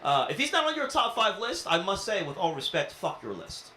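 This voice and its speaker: Lively young man doing stand-up. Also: sits high, fairly quick, slight background noise. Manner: conversational, playful, punchy delivery with frequent asides. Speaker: stand-up comedian. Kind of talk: stand-up comedy set. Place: comedy venue with audience laughter. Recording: roomy live club sound.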